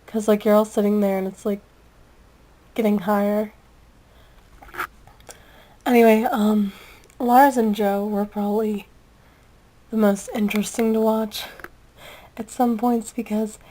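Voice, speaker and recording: A woman's voice: mid-range voice, flat delivery, measured pace, long pauses, warm tone, low-quality recording. A young woman in casual chat, reviewing a video with a giggly, rambling, gushing manner.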